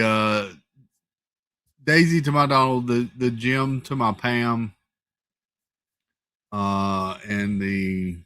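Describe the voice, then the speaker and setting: A man's voice: mid-range voice, a bit bright, no echo. Casual man greeting his live-stream chat. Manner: greets chat viewers one by one, rambling and playful. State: has a headache.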